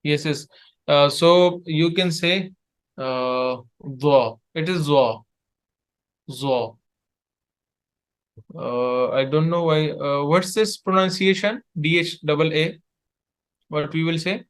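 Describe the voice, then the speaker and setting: Slow, patient male tutor. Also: on the high side, clear, resonant tone. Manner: patient, repeats letter sounds slowly, halting non-native English. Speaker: Arabic tutor. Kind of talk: one-on-one online language lesson.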